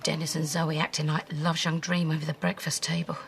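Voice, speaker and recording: A woman's voice: low voice, flat delivery, a little fast, vocal fry. An actress playing a frazzled woman in a TV soap, chatty and exasperated. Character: frazzled middle-aged woman club runner, bitter. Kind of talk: TV soap drama.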